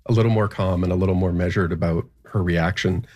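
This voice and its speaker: Low-voiced man recounting a hard story. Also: steady tone, a little mellow. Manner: halting, filler-heavy, laughs nervously. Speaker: guest telling a personal story. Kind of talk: interview storytelling.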